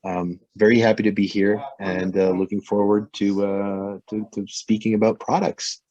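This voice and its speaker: A man from France with a light French accent, a company CEO speaking on a panel, halting with many repeated words. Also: fairly low pitch, little pitch movement, dark tone, dry recording, muffled recording.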